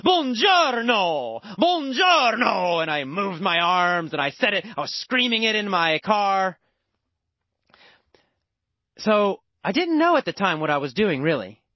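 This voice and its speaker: Lively American man telling a lesson story. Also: high-pitched, unhurried, long pauses, no echo. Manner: emphatic, repeats words for emphasis. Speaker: language teacher. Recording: dull lo-fi dry recording.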